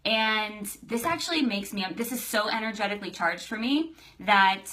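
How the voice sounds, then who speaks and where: Bright chatty woman hosting a live stream. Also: medium pitch, animated, moderate pace. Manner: chatty, greets viewers by name, emotional. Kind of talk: casual livestream chat.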